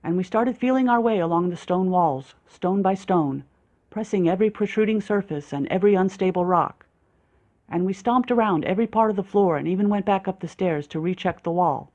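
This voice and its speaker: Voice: mid-range voice, brisk, a little mellow. An audiobook reader narrating in the first person with a dry, sarcastic, self-mocking manner.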